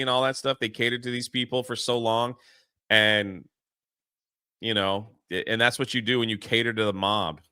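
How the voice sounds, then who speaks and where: A man's voice: medium pitch, bright, forceful tone, smooth, dry recording, clean studio sound. An American man co-hosting a casual commentary chat, sarcastic and indignant, often laughing. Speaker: co-host.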